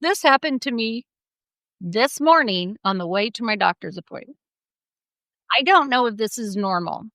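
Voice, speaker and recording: Bright, animated middle-aged woman. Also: medium pitch, dry recording, rough recording. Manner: animated storyteller, laughs often, acts out quotes. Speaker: podcast co-host. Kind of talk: casual chat.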